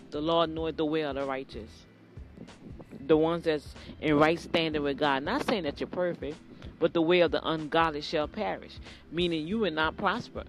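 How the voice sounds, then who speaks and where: A preacher giving an informal sermon, earnest and addressing listeners directly, often repeating phrases. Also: mid-range voice.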